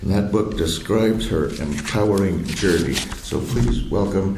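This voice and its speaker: A man introducing the day's guest speaker at a service, reading in a measured, formal way. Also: low-pitched, echoey room, very noisy. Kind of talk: read introduction.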